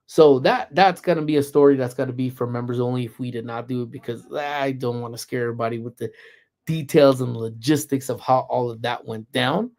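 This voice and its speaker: Man, middle-aged, livestream host, casual chat, animated, playful slang riffs, mid-pitched voice. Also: a little fast.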